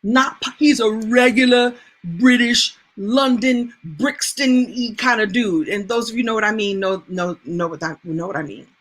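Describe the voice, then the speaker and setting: A woman host telling a personal story in a chatty, animated way. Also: fairly high pitch, normal speed. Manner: animated, chatty, laughs as she tells. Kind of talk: casual storytelling monologue.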